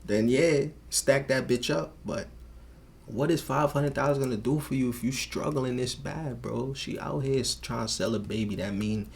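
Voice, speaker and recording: A man hosting a reaction video, talking in profane street slang with animated outbursts. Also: mid-range voice, moderate pace, creaky. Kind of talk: casual commentary over a clip.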